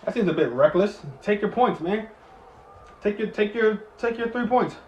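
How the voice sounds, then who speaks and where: Excitable fan calling a game live. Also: male voice, sits high, normal speed, roomy sound, muffled recording, a little hiss or hum. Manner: excitable, swings from muttering to shouting, cusses; talks while eating. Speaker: live game reaction host. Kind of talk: live sports play-by-play and reaction.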